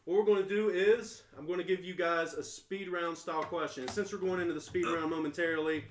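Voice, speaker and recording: A man's voice: on the high side, fairly even intonation, fast talker, reverberant, a little hiss or hum. A man hosting a casual podcast debate, rambling as he explains rules and laughs between points. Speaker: podcast host, quiz moderator.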